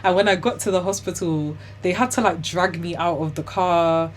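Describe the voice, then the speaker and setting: A young woman, telling her own story as an interview guest in a chatty, animated way, full of "like" and "you know". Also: fairly low pitch, normal speed, slight background noise. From Ghana and the UK. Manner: laughs often while telling hard stories.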